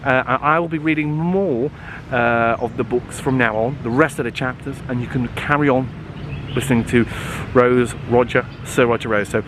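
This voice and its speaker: A man reading a children's book aloud in a lively, playful way, adding little asides and the odd slip. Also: medium pitch, normal speed, background noise. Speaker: storybook reader.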